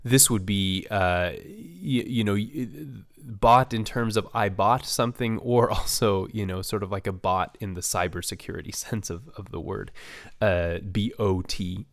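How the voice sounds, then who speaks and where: A man teaching a recorded language lesson, explaining slowly with many fillers and restarts. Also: on the low side, no echo, studio quality. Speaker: Hebrew teacher.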